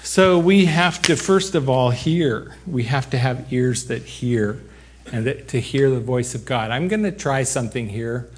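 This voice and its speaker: A man preaching a sermon, talking to the congregation in an unhurried, conversational way and joking now and then. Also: mid-range voice, animated, husky. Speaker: pastor. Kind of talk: sermon with a live demonstration.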